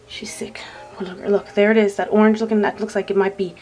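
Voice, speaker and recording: A woman filming her sick pet bird at home on a handheld camera, close to tears, talking in a halting, tender way with sighs and restarts. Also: mid-range voice, little pitch movement, darkish tone. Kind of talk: emotional home video complaint.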